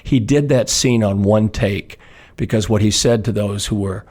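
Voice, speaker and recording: A man, a pastor, giving an earnest podcast devotional message and telling a story in an unhurried way with frequent restarts. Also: lowish voice, a little mellow.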